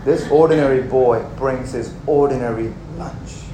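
A young man preaching a sermon, animated and conversational, with jokes and asides to the congregation. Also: mid-range voice, normal speed, background noise. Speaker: pastor. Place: church hall. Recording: roomy hall with faint ambience.

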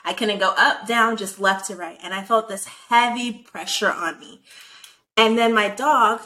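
A young woman tells a story in a casual, animated way, swearing often and dropping "like" into most sentences. Her voice is bright and forward. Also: mid-range voice, a little slow, rough recording. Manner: animated, profane, many "like" fillers. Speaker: guest telling a personal story.

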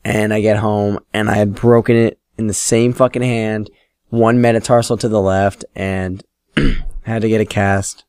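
Low-voiced teenage guy rambling on his podcast. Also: level tone, unhurried, a little mellow, clear, resonant tone, no echo, clean studio sound. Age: late teens. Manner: rambling, self-deprecating, swears freely. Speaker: podcast host. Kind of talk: casual solo podcast storytelling.

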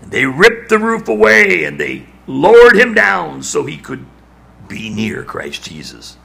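A male preacher giving a dramatic sermon, building to shouts and dropping to near-whispers. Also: on the high side, big pitch swings, a little slow, creaky, slightly rough.

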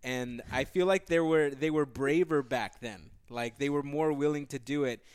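A man's voice: mid-range voice, normal speed, clean tone. A man hosts a podcast chat in a middling voice. He is blunt and opinionated. He often restarts sentences and throws in a swear word. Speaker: podcast host. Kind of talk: casual chat.

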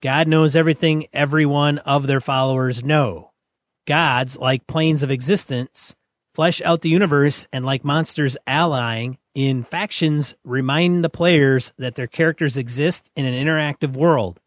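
Dry-sounding podcast co-host man, slightly high. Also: fairly even intonation, measured pace, no room sound. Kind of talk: casual podcast chat, reading listener mail.

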